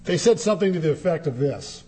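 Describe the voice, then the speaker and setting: A man delivers a sermon in an emphatic, dramatic way. His voice sits high for a man and swings widely in pitch, rising sharply whenever he quotes. It moves between soaring lines and low, quieter phrases. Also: quick pace. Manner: animated, emphatic, dramatic shifts in pitch when quoting. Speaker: preacher.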